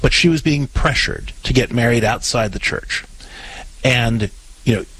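A man hosting a Catholic call-in advice show on the radio, talking in lively bursts with many restarts. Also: medium pitch, a little slow, breathy edge, rough recording. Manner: animated, stammering restarts.

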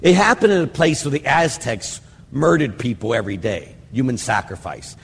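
A man's voice: mid-range voice, animated, normal speed, creaky, in a large hall, slight background noise. An older man, a priest, giving a rambling, conversational teaching talk on prayer, full of fillers and asides.

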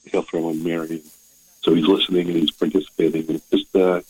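An older grandfather calling in to a radio show, telling a story in an emotional, halting way over the phone. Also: sits low, flat delivery, a little mellow, slightly rough, no echo, poor audio. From Maryland. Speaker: caller.

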